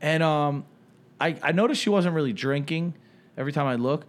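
A man with a fairly high voice tells a story among friends. He rambles and restarts often, casual and unpolished. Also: a little fast. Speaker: podcast co-host telling a story. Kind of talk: casual chat.

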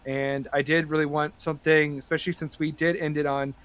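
Bright-voiced man running a tabletop game. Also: on the high side, a little fast, smooth. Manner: rambling, lots of fillers, excitable. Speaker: game master. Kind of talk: casual podcast chat and game narration.

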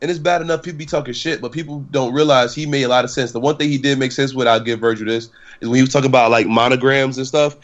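A man's voice: mid-range voice, fairly even intonation, fast. Young male podcast host, loose ranting delivery, slightly dull recording. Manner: rambling, profane, lots of fillers and restarts. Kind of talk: casual podcast chat.

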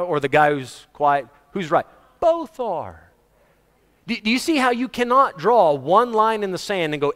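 A middle-aged man preaching a sermon, swinging between booming shouts and soft asides and chuckling often. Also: expressive, unhurried. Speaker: pastor. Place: church hall. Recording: reverberant church hall.

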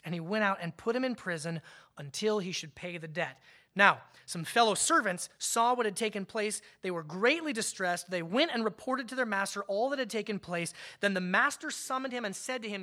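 A man preaching a sermon as pastor, conversational, with emphatic swells and hushed drops, often repeating words as he restarts a phrase. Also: high-pitched, expressive, fairly quick.

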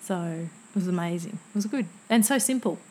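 A woman's voice: fairly low pitch, brisk, dark tone, slight background noise. Reflective woman in her forties. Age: 40s. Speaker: podcast co-host. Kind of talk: casual chat.

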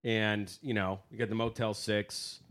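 A man with a somewhat low voice jokes around in a casual podcast chat. He talks loosely and throws in quick asides. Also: little pitch movement, fairly bright tone. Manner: joking, loose. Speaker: podcast co-host.

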